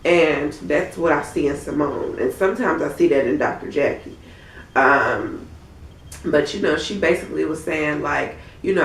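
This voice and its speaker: Hoarse, sassy woman in a roomy space. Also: deep voice, normal speed. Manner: blunt, sassy, chatty. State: hoarse from a cold. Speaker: TV episode reviewer. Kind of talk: casual recap commentary. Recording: roomy, from a distant mic.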